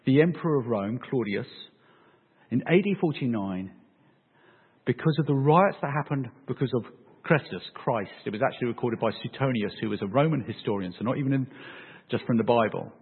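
A man preaching a sermon, animated and joking with his congregation. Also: mid-range voice, fairly quick, breathy edge. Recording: phone-like, echoey hall sound.

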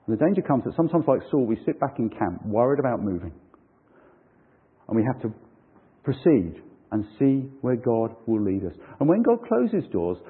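A man preaching a sermon in an animated way, with some fillers and restarts. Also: on the high side, breathy edge. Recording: tinny phone-like audio.

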